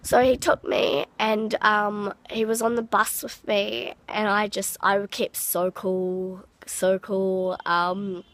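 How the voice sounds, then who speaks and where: A woman's voice: medium pitch, level tone, slow, few pauses, a bit bright. A woman vlogger telling a personal story in a rambling way, full of fillers and acted-out quotes. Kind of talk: storytime vlog.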